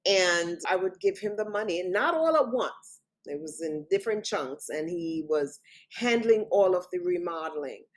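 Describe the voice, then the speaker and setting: A woman's voice: lowish voice, expressive, normal speed. A woman guest on an interview show, recounting a personal story in vivid detail and often quoting what others said. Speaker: author guest.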